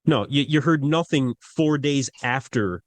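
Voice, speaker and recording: Man co-host, mid pitch, dry close sound, rambling and profane. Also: dry recording. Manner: rambling, profane, quick asides. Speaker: podcast co-host. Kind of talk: casual chat.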